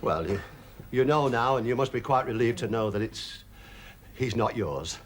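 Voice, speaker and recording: A man's voice: medium pitch, lively intonation, normal speed, a little hiss or hum, close to an everyday voice. Pompous bank manager, played by a man, formal and flustered.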